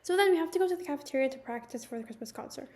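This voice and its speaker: Young woman doing a storytime vlog, talks quick, says like a lot. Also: sits high. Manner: chatty, animated storytelling with many "like"s. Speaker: vlogger. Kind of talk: casual storytime.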